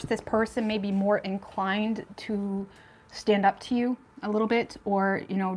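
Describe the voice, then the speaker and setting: A woman's voice: mid-range voice, a little mellow. A woman giving a casual tarot reading, frank and chatty, thinking aloud with plenty of fillers as she goes. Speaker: tarot reader.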